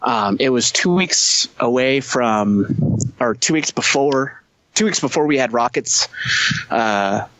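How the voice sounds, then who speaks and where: A man who is a Marine veteran and podcast guest, telling profane, animated war stories in casual conversation, laughing often. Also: medium pitch, slow, low-quality recording. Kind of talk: casual storytelling.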